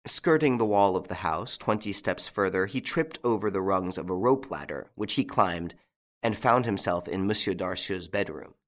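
A man narrating a mystery novel in measured, dramatic scripted narration. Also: sits low, expressive, a bit bright. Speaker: audiobook narrator.

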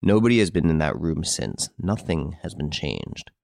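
A man reading an audiobook, voicing a proud, excitable middle-aged count who turns petulant and stammering. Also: very deep voice, normal speed, vocal fry, no room sound, studio quality, voice pushed down, full character voice. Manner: petulant, then stammering and shaken.

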